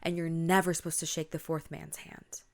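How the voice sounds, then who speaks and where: A woman's voice: deep voice, flat delivery, moderate pace. A woman voicing eager gossiping schoolgirls. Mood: conspiratorial. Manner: breathless, whispery when spooky.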